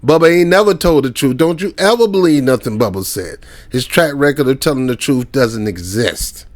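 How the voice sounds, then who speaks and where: A man's voice: mid-range voice, expressive, normal speed. A man hosting his own commentary channel, ranting in a heated, slangy way, mocking his target and breaking into laughing anecdotes.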